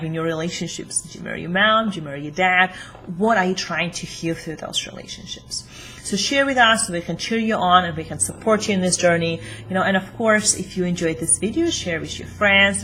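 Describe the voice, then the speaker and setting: A woman's voice: fairly low pitch, bright, forceful tone. A woman working as a relationship coach, leading a guided self-help lesson in an encouraging, coaching way, with fillers.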